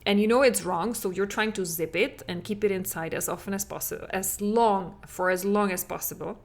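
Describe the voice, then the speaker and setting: A woman's voice: mid-range voice, a little fast. A young adult woman hosting a parenting podcast, speaking in an earnest, conversational way with many "like" fillers. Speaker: podcast host and parenting coach. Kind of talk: solo podcast talk.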